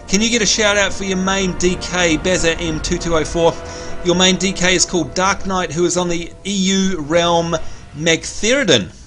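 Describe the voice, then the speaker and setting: A man livestreaming a video game, chatting casually, reading out viewer messages and giving shout-outs, with excitable bursts while he plays. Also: a little high.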